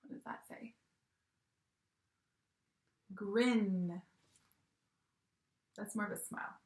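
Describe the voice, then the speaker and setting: A young woman gives a video lesson to young children from home. She is cheerful and animated, acting out each word as she says it. Her voice carries an echo from the room around her. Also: mid-range voice, very slow. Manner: cheerful, animated, acts out words. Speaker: teacher.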